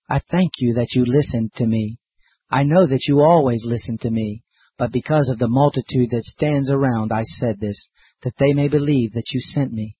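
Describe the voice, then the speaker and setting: A man giving a measured, scripted reading of scripture aloud. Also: medium pitch, breathy edge, dry recording, dull audio. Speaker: scripture reader.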